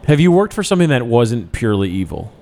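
Teasing man firing quick questions. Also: mid-range voice, big pitch swings, darkish tone. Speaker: podcast host. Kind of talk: casual interview chat.

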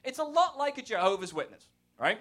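A man's voice: very high-pitched, sing-song, brisk, sharp tone. An English man, a stand-up comedian, talking wryly and self-deprecatingly with profane humor. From England. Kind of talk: stand-up set and casual interview.

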